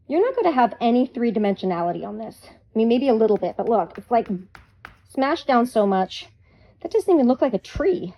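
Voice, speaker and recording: A woman hosting a hands-on craft tutorial, chatty, playful and quick to get excited. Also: a little high, poor audio.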